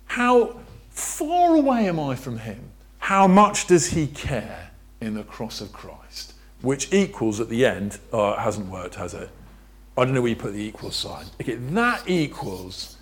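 A man preaching a sermon in a church, lively and questioning, drawing on a board as he talks. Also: mid-range voice. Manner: lively, asks the congregation questions, draws on a board.

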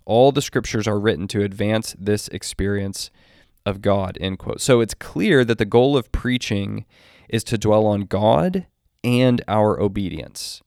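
A man with a fairly low voice talks through a written article and reads long passages from it aloud. He often restarts a sentence mid-thought as he works out his point. The recording is dry and close, with no room sound. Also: gravelly, darkish tone, dry recording. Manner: deliberate, quotes text at length with restarts. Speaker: Christian commentator. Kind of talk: spoken commentary on an article.

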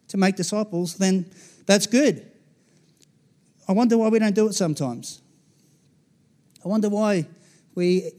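A man's voice: high voice, mellow. An Australian pastor in his forties giving a conversational sermon, often checking in with the congregation. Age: 40s.

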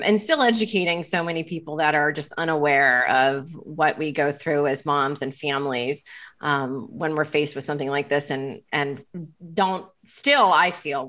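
A woman's voice: low-pitched, fairly bright tone. A woman hosting an interview, earnest and passionate as she speaks up for mothers. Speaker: host. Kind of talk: interview podcast.

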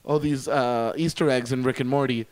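A man's voice: medium pitch, fairly even intonation, normal speed. A man co-hosting a podcast, chatting casually and rambling animatedly, swearing freely. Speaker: podcast co-host. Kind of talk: casual chat.

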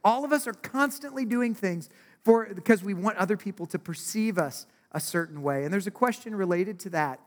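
In a large hall full of long reverb, a man delivers a chatty sermon, often asking "right?" and performing the quotes he cites. He speaks in a high voice, fairly quickly.

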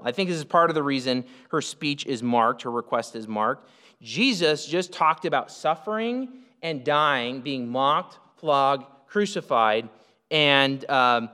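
A man's voice: a little high, fairly bright tone. A man preaching a sermon from the United States in a casual, conversational way, with asides and fillers. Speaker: pastor. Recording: long hall reverb.

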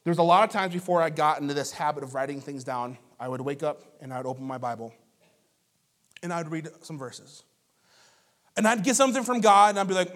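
A man in his thirties preaching a sermon as a pastor, telling stories in a lively, conversational way with asides to the congregation. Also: a little high, brisk, long pauses.

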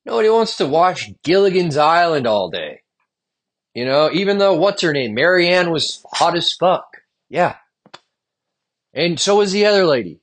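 A young man rambling through a profane solo monologue, drifting off into quiet mumbles between lines. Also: a little high, sing-song, unhurried. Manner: meandering, profane, trails off quietly. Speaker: podcast host.

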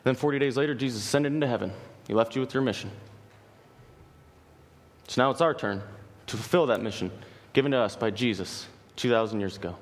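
A man's voice: medium pitch, fairly quick. A man preaching a sermon in earnest, emphatic, repeating key phrases as he builds his points. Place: church sanctuary. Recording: long hall reverb.

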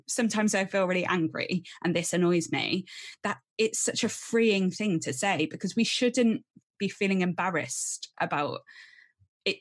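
A woman co-hosting a podcast, talking in an earnest, rambling way with frequent restarts. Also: lowish voice. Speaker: podcast co-host. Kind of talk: casual podcast chat.

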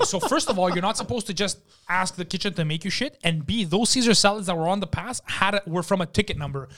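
A young man hosting a casual chat, telling profane, animated stories about restaurant work. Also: high-pitched. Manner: profane, animated storyteller, acts out shouted quotes. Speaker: podcast host.

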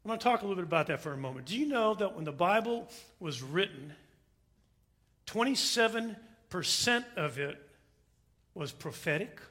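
A man's voice: high voice, lively intonation, moderate pace, long pauses, a bit bright. A man preaching a sermon, opening with a joke and then speaking in an earnest, emphatic way. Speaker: pastor.

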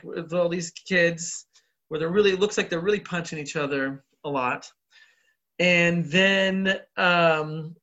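Bright-voiced man recapping a movie loosely. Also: fairly high pitch. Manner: rambling, laughs often, loose filler words. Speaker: podcast co-host. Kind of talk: casual podcast movie recap.

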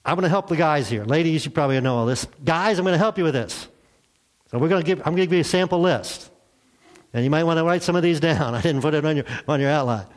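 A man's voice: fairly high pitch, quick pace. An older man preaching a sermon in a church, speaking to his congregation in a conversational, self-deprecating way. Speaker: pastor.

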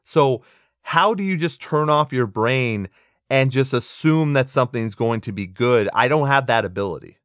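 A man's voice: mid-range voice, animated, normal speed, a bit bright, clean tone, no echo, clean studio sound. A man co-hosting a casual movie review podcast, opinionated and sarcastic, laughing often as he talks. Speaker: podcast co-host.

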